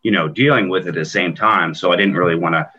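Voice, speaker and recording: Laid-back man, very deep husky voice, bright edge; dull video-call audio. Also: fast. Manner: joking, laid-back, rambling. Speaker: guest narrator on the album. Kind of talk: casual interview chat.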